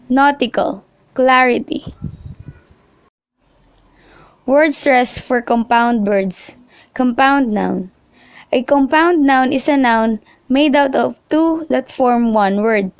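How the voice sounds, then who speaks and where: A young woman reading a lesson script aloud, slowly spelling out letters and example words one by one. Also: high voice, clear, resonant tone, no echo. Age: young adult. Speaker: student presenter.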